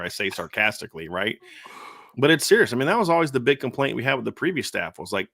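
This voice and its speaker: Gravelly-voiced man talking football. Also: mid-range voice, very animated, quick pace, bright, forceful tone, no room sound, studio quality. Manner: conversational, repeats words when starting a thought. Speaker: co-host. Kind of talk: casual sports talk.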